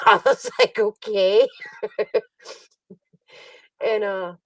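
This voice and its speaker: A woman's voice: mid-range voice, steady tone, extremely slow, dry recording, distant mic, poor audio. A middle-aged woman hosting a livestream, telling a family story in casual chat and laughing often. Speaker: livestream host.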